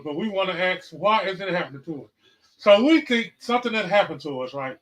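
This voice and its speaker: A fired-up man in his forties with a fairly high voice, hosting a podcast. He talks straight at his listeners, half sermon and half casual chat, often cursing. His excitement keeps boiling over into loud, hyped bursts. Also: a little fast, poor audio. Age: 40s. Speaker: podcast host. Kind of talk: casual preachy podcast monologue.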